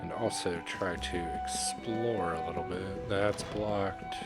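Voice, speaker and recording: A man with a fairly low voice commenting on a game he is playing. His delivery is relaxed and unhurried, dotted with ums as he explains what happens next. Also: over loud music. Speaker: game streamer. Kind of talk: let's play commentary.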